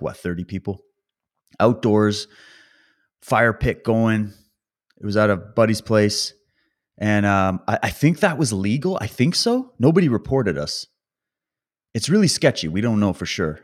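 A man giving a casual, rambling opinion monologue, ranting and sarcastic, with many fillers and restarts. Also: fairly low pitch. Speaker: vlogger.

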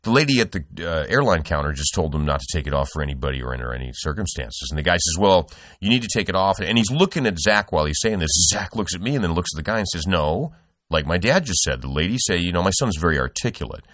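A man's voice: deep voice, big pitch swings, quick pace, a bit bright, no echo, studio quality. A middle-aged man hosting a podcast, telling a rambling, profane story with lots of restarts. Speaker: podcast host. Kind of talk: casual podcast chat.

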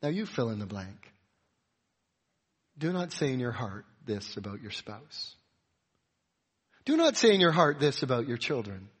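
Husky-voiced man preaching a sermon. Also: mid-range voice, very animated, a little slow, long pauses. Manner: rises to emphatic peaks, drops to soft confiding asides. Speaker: pastor.

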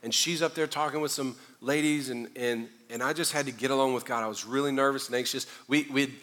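A man's voice: medium pitch, fairly even intonation, fairly quick, fairly bright tone, big-room sound. A male pastor preaching a sermon, mixing conversational asides and self-deprecating humor with mounting fervor.

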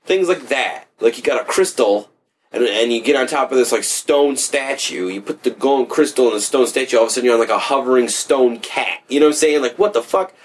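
A man's voice: mid-range voice, lively intonation, fairly quick. A man in casual conversation, rambling loosely with lots of fillers and offhand swearing.

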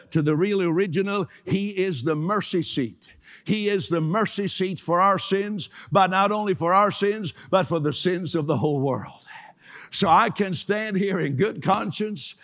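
A man's voice: high voice, a bit bright, in a large hall. A man preaching a sermon, emphatic, repeating key phrases and asking the congregation to say them with him.

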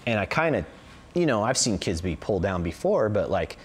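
A husky man in his forties with a fairly low voice talks a little fast, his pitch swinging widely. As an interview guest he tells long, loose stories in a rambling way, sprinkling in "like" and "you know."

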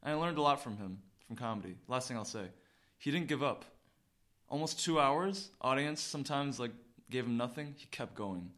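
A man's voice: medium pitch, lively intonation, moderate pace, fairly bright tone. A man telling a long story on a casual podcast, full of restarts and rambling asides. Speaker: podcast co-host. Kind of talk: casual chat.

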